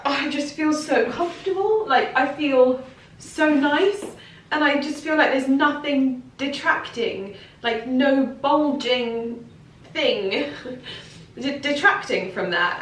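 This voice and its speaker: A woman's voice: high voice, a bit bright, distant mic. An English woman chatting through a clothing try-on haul, gushing, chatty and emotional. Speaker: fashion vlogger. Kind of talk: casual try-on haul chat. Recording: roomy, off-mic sound with faint background noise.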